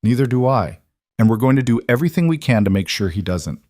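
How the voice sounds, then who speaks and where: A man reading a gentle, reassuring young teacher. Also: medium pitch, very animated, fast, no room sound, studio quality, natural voice. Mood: tender. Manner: soft, reassuring.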